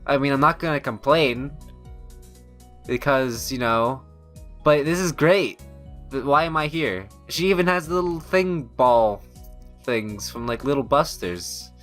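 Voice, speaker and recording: A man hosting a visual novel playthrough, reading aloud and breaking off into rambling, excitable asides. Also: medium pitch, a little slow, soft background music. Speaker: let's-play host.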